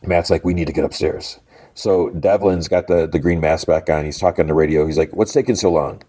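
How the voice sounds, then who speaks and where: Casting note: deep-voiced male podcast host, loose rambling recap, lots of "like" and restarts. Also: steady tone, a little fast, warm tone. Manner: rambling retelling with many fillers and restarts. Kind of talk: casual episode recap.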